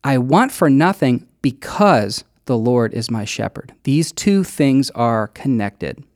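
A man's voice: mid-range voice, expressive, takes it slowly, a little mellow, no echo, studio quality. A man preaching a sermon in a conversational, earnest way, with emphatic stresses as he works through a passage. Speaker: pastor.

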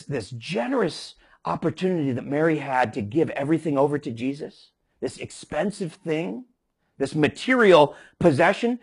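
A man's voice: a little high, gravelly, husky. A man preaching a sermon emphatically, with frequent restarts as he explains scripture. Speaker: pastor.

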